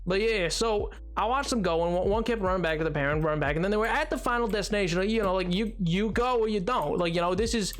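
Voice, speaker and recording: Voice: medium pitch, fast, hardly any pauses, faint music behind. A livestreamer chatting casually while gaming, rambling with lots of restarts and filler words.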